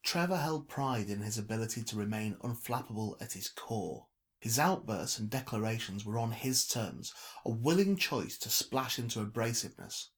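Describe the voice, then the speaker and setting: A man narrating a novel in an even, measured storytelling voice. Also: fairly low pitch. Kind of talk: audiobook narration.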